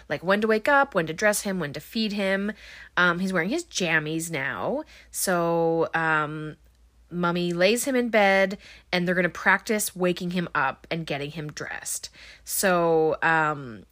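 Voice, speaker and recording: A woman's voice: fairly low pitch, a bit bright. A woman casually retelling a film plot, chatty and wry, with lots of ums and likes. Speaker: movie recapper. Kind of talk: casual spoken film recap.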